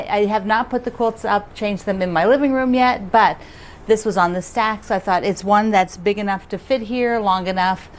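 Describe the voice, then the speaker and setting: A woman who hosts a quilting vlog and teaches quilting, chatting casually and cheerfully to the camera from her home, often laughing. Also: medium pitch. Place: home living room.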